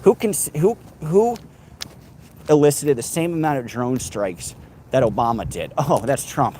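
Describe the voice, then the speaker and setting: This man's mid-range voice has a dark tone and a measured pace, captured in a low-quality recording. He's out on a city street, walking and live streaming casually into a handheld phone, rambling, sarcastic and profane, with traffic noise in the background.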